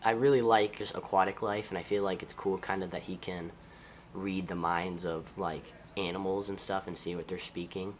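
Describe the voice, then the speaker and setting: A high school senior football player from Ohio with an Ohio accent, answering interview questions in an easygoing, upbeat way. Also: male voice, steady tone, moderate pace, slight background noise. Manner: upbeat, easygoing, laughs often.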